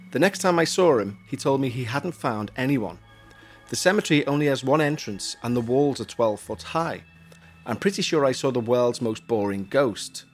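A man's voice: medium pitch, slightly rough. Man, podcast co-host, casual, reads emails aloud, jokey, self-mocking. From Huyton, Merseyside, England.

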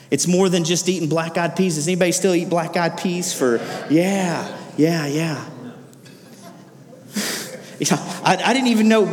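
A man preaching a sermon as pastor, energetic, calling out to the congregation for responses. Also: a little high, long reverb tail.

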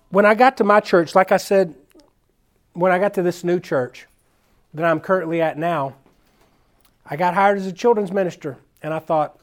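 A man who is a children's minister, telling stories at a conference in an animated, folksy way with casual slang. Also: high-pitched, moderate pace, long pauses. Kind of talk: storytelling conference talk.

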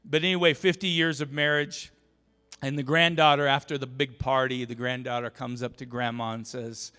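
A man's voice: mid-range voice, little pitch movement, moderate pace, sharp tone, in a large hall. A male pastor delivering an emphatic, storytelling sermon full of restarts, recorded in a church. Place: church sanctuary.

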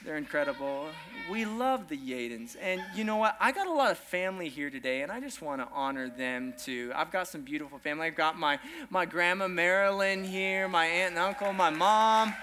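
Young guy preaching, kinda high voice, jokey and upbeat with the crowd. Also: a little fast, hardly any pauses, noisy background. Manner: playful, self-deprecating humor with rising excitement. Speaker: guest preacher. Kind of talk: energetic sermon. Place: church sanctuary with congregation.

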